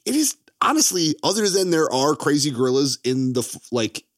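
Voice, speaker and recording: A man's voice: on the high side, moderate pace, no room sound, clean studio sound. A man co-hosting a podcast, telling stories with lots of laughter in casual chat. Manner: animated storytelling, laughs often, swears.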